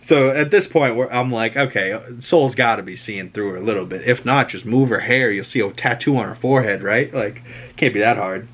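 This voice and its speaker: A man with a Boston accent casually recapping a TV episode, rambling and animated, slipping in quoted lines. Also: medium pitch, a little fast, breathy edge. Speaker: show recap host.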